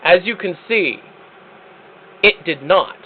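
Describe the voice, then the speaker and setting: A man hosting a live stream, chatting excitably and joking with casual swearing. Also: high-pitched, slow, phone-quality sound. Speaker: streamer host.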